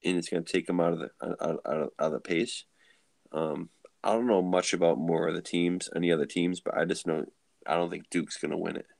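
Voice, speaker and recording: A man's voice: deep voice, steady tone, a little fast, vocal fry, a little mellow, no echo. A laid-back man chatting casually over beers on a live video show, leaning on "like" a lot. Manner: laid-back, heavy use of "like". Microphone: video call.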